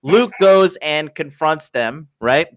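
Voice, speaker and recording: A man co-hosting a podcast, talking in an excited, swearing way with many restarts. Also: on the high side, slow, no echo. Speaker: podcast co-host. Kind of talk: casual chat.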